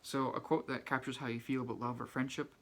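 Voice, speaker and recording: A shy, soft-spoken man hosting a book channel, reading favourite quotes aloud and talking them over with many fillers and restarts. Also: medium pitch, level tone, fast talker.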